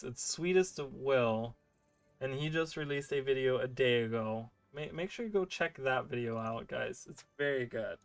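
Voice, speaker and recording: A man streaming a game and chatting casually, rambling with many fillers and restarts. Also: mid-range voice. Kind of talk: casual livestream chat while gaming.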